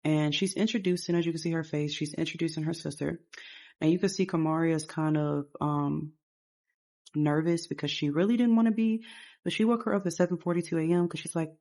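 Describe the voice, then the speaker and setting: Brief: rambling casual game narrator, woman, lowish warm voice. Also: steady tone, brisk. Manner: rambling, storytelling.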